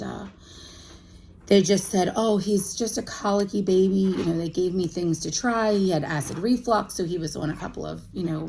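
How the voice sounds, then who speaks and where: A woman in her thirties telling a personal story to camera, halting and emotional, with many pauses and restarts. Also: lowish voice, creaky, slight background noise, poor audio. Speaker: vlogger. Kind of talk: candid personal chat to camera.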